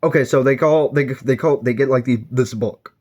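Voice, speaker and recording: Here a man gives a rambling, loose book review, peppered with fillers and frequent self-corrections mid-sentence. His voice is ordinary mid pitch and slightly mellow, and he moves at a moderate pace.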